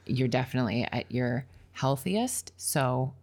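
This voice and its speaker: Gravelly low-voiced woman host. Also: animated. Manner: warm, affirming, slow and measured. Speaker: podcast host. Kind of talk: intimate podcast conversation. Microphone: large studio microphone.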